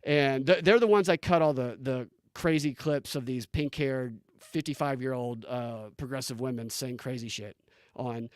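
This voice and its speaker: A man hosting a commentary show, talking in an animated, incredulous way with many restarts as he reads posts aloud. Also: medium pitch, normal speed, smooth, no echo, clean studio sound. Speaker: political commentary show host. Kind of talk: casual on-screen commentary.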